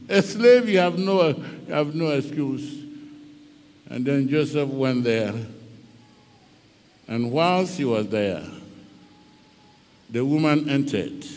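Dramatic Ghanaian preacher in echoey hall. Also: male voice, mid-range voice, a little mellow. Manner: dramatic storytelling, addresses the congregation. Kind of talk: sermon mixing Twi and English.

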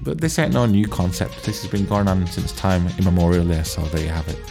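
A man hosting a comic radio show, telling slangy, animated stories. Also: deep voice, brisk, creaky. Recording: music playing underneath.

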